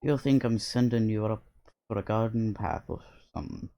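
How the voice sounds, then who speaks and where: A man's voice: lowish voice, lively intonation, moderate pace, vocal fry, dark tone. A man voicing a chatty, bossy little male fairy sidekick while reading a game aloud. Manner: lilting, bossy, slangy and matter-of-fact.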